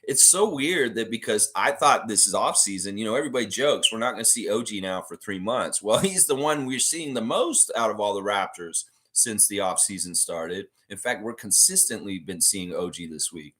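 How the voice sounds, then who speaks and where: A man's voice: fairly low pitch, moderate pace, few pauses. Casual rambling male livestream host. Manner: rambling, relaxed, reads viewer comments aloud.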